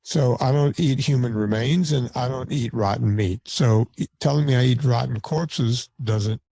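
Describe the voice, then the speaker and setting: A man's voice: medium pitch, normal speed, creaky, mellow, a little hiss or hum. A man guesting on a podcast, talking in a blunt, argumentative way with frequent stammered restarts. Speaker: podcast guest, documentary filmmaker. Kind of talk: casual podcast conversation.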